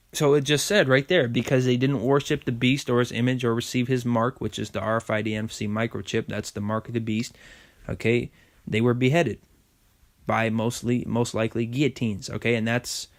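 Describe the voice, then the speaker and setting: A man giving an informal sermon, reading scripture aloud and checking in with "okay?" and "man" after each point. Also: medium pitch. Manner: casual, repeats "okay?" and "man"; reads scripture aloud, stumbling on words. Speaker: preacher.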